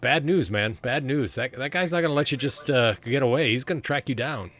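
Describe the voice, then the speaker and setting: A man's voice: medium pitch, a little fast, a bit bright, pitched above the performer's own voice, natural voice. A man voicing a friendly, chatty wanderer on horseback in a tabletop game. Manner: easygoing, chatty, wary.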